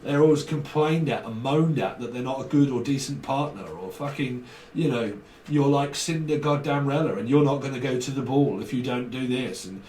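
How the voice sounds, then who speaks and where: Recorded from a distance in an echoey room with a little hiss or hum, a man reads tarot in a mid-range, darkish voice at a moderate pace. He's slightly off-mic as he acts out exchanges in slang, laughing often and swearing.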